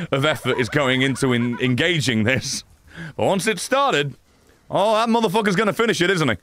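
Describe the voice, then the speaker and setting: A man's voice: medium pitch, fairly bright tone, a little hiss or hum. A man giving sarcastic, mocking live commentary as a streamer playing a video game.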